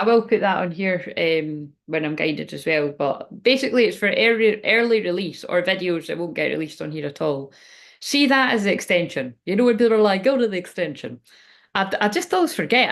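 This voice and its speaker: A woman's voice: medium pitch, animated, fairly quick. A woman speaking as a spiritual reader in a rambling, frank livestream chat, swearing now and then.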